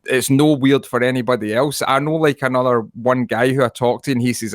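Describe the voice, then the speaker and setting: A man's voice: mid-range voice, a little fast, a bit bright, no room sound, studio quality. A Scottish man co-hosting a podcast over a video call, rambling and swearing in casual chat with frequent laughs. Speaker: podcast co-host.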